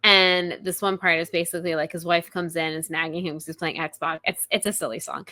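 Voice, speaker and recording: A young woman co-hosting a casual podcast, rambling through stories with quick asides and apologies. Her voice is bright and forward, sitting a touch low for a woman, and it sounds dry and close on the mic. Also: steady tone, dry recording. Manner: rambling, chatty, self-deprecating, quick asides. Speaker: podcast co-host.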